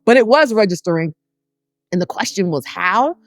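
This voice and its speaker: A woman's voice: medium pitch, animated, normal speed, no room sound. A middle-aged woman with a Southern US accent, a scholar talking casually and colloquially in an interview, with self-aware humor. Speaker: scholar guest.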